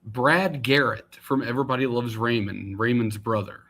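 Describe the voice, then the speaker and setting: A man on a casual podcast chat, his voice bright with a mid-range pitch. He quizzes his host with quick trivia facts. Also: fairly even intonation.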